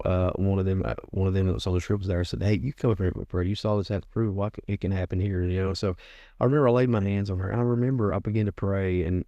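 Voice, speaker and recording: Low, mellow-voiced man in his forties. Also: no echo. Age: 40s. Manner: repeats words, retells what he said. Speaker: guest minister. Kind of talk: storytelling testimony.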